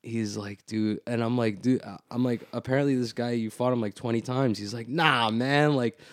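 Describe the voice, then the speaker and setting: This animated storyteller speaks in a mid-range voice, a touch fast, over echo-free studio-quality audio. Chatting casually on a podcast, he keeps saying "like," curses often, and imitates the people in his tale.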